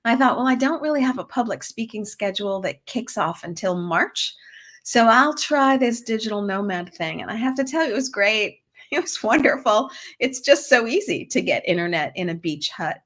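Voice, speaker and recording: A woman's voice: on the high side, animated, normal speed, fairly bright tone. A woman hosting a business interview podcast, chatty and upbeat. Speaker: host.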